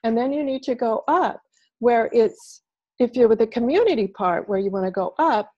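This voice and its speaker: A woman guest talking casually as a body language expert over a video call, animated and playing out little quoted voices. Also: a little high, moderate pace. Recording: dull lo-fi video call audio.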